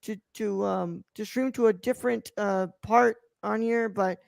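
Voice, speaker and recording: A man's voice: high-pitched, fairly even intonation, unhurried, vocal fry, clear, resonant tone, dry recording, clean studio sound. A man co-hosting a podcast in casual chat, rambling with lots of fillers like "what's it called". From United States. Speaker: podcast co-host.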